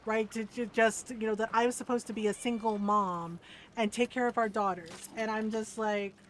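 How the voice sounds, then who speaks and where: A woman's voice: fairly high pitch, fairly even intonation, normal speed, a little hiss or hum. A woman in her forties streaming a game, telling a personal story in a candid, casual way, swearing freely and laughing often. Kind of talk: casual storytelling while gaming.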